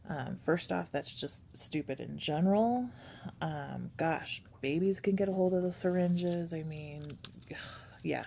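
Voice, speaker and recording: A woman's voice: on the low side, gravelly, dark tone, slight background noise. A woman vlogging casually and candidly, hesitant and full of ums, walking viewers through her daily routine. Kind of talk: casual personal vlog.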